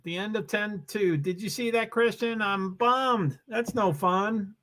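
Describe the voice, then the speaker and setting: Guy with a high voice rambling thru race commentary on his stream, restarts sentences a lot, home desk mic. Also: unhurried, a bit bright. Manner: rambling, self-interrupting, chatty with viewers. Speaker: livestream host.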